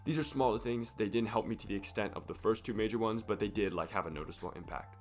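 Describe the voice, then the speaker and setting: A young man with a croaky, sick voice, rambling casually and profanely to camera in a fitness vlog. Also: fairly low pitch, fast, soft background music. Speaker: fitness vlogger.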